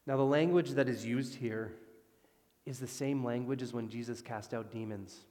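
Animated preacher man in a reverberant hall. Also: medium pitch, normal speed. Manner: animated, swings from loud emphasis to hushed calm. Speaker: pastor. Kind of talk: sermon.

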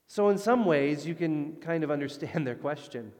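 A man preaching a sermon, animated, moving between loud emphasis and hushed, calm passages. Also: a little high, moderate pace. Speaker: pastor. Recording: long hall reverb.

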